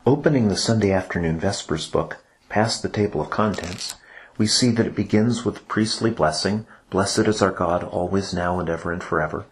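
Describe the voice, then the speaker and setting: A man's voice: sits low, normal speed. A man explaining, step by step, how cantors lead a church service, in a patient instructional podcast. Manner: patient explaining, breaks into chanted examples.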